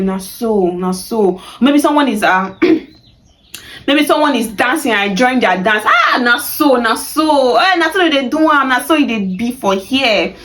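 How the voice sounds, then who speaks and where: A young woman with a Nigerian accent talks through a casual video lesson at a relaxed, conversational pitch. She is chatty and laughs easily, leaning into each example phrase with playful emphasis. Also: slight background noise, rough recording. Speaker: language teacher.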